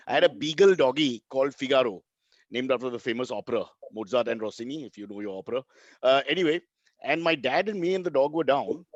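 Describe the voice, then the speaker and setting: A man's voice: mid-range voice, no room sound, lo-fi sound. A middle-aged man with an Indian English accent, telling wry comic stories as co-host of a comedy show. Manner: wry, deadpan jokes. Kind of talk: comic storytelling.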